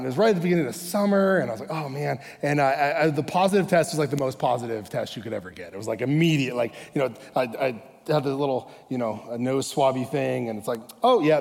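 A man preaching in a relaxed, chatty way at an even mid-range pitch. He tells a self-deprecating story, slipping into quoted dialogue, and his voice rings with a long hall reverb. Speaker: pastor. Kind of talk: sermon told as a personal story.

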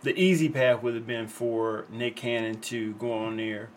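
A man's voice: mid-range voice, normal speed. Earnest man giving his take, with faint hiss. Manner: earnest commentary, relaxed, loose. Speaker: podcast co-host. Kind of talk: casual chat, reading a news segment.

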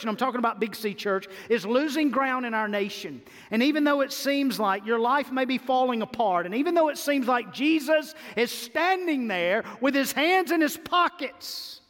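A man preaching a sermon, moving between quiet, reflective passages and emphatic, rising declarations. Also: sits high, in a large hall. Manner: expressive preaching, swings between soft and emphatic. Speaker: pastor.

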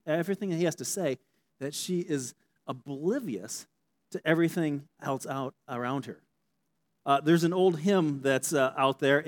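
A pastor delivers a sermon in a chatty, animated style, frequently checking in with his listeners. His voice is fairly high-pitched.

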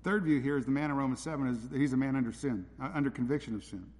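A man's voice: medium pitch, rapid-fire, darkish tone. A man preaching a sermon as a pastor, blunt and direct in his delivery. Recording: reverberant hall.

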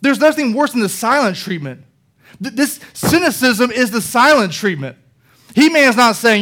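A man preaching a sermon, reading scripture and rising into animated, passionate delivery. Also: very high-pitched, normal speed. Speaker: pastor.

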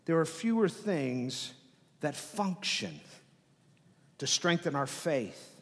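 A man preaching a sermon as pastor, dramatic, dropping to hushed whispers and swelling loud, often repeating words as he restarts phrases. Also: fairly high pitch, animated, takes it slowly. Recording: long hall reverb.

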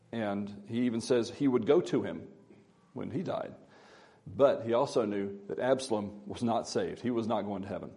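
Delivering a Bible teaching, a man halts often and uses many fillers, adding more emphasis when he reads scripture aloud. He has a lower, creaky voice with a warm tone.

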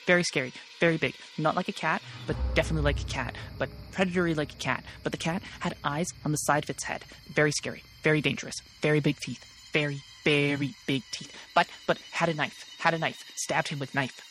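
A man's voice: fairly high pitch, steady tone, a bit bright, close to an everyday voice, poor audio. A man voicing a group of tiny frightened field mice in a tabletop game, babbling over and over. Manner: rapid, repetitive babbling.

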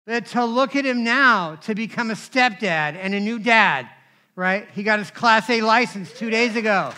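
Male pastor, high and bright, animated storytelling sermon, keeps asking the congregation to respond. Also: normal speed. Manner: animated, conversational, asks the crowd for responses. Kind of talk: sermon with personal stories.

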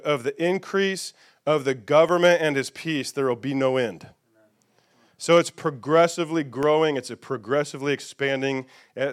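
Man preaching with a smooth voice. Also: on the high side. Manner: conversational preaching with frequent "okay?" and "amen?" check-ins. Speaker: pastor. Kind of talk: sermon.

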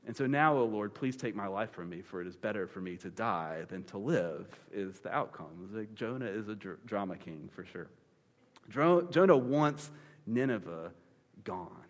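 A man preaching a sermon, retelling a scripture story in a lively, joking way with comic asides. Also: fairly low pitch. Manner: animated, playful storytelling with dad-joke humor. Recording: long reverb of a large hall.

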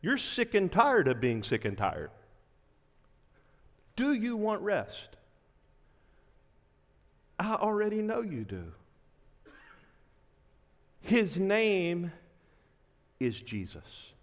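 A man preaching with a lively, swooping voice, pitched a little high for a man. He drives his points home with passion, then sinks to a near whisper. Long reverb from a large church hall trails behind every line. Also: takes it slowly, pauses often. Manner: impassioned preaching, drops to a hush at times. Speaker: pastor. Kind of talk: sermon.

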